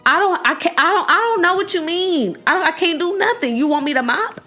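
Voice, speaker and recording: A woman's voice: extremely high pitch, animated, brisk, bright, forceful tone, faint music behind, voice pushed up, exaggerated voice. A woman voicing a scared teenage boy who stammers as he pleads with a guard. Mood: pleading.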